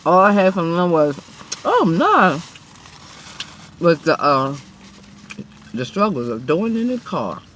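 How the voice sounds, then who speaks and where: A woman's voice: on the low side, sing-song, takes it slowly, long pauses, fairly bright tone, slight background noise. A woman hosting a mukbang eating show from her car, chatting casually to viewers between bites, often murmuring approval and a little out of breath. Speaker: mukbang host.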